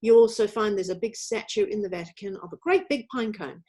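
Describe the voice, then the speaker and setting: A woman's voice: mid-range voice, a little fast, dark tone. A woman co-hosting a spiritual podcast, explaining things in an earnest, conversational way. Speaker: podcast co-host. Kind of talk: casual spiritual chat.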